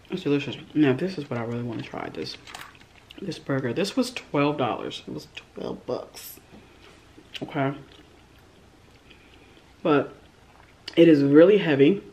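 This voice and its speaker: A woman's voice: low voice, very animated, moderate pace, long pauses, a little mellow, a little hiss or hum. A woman hosting a mukbang eating vlog, murmuring "mmm" between bites and gushing over the food in a shy, casual way. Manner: self-described shy. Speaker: mukbang host.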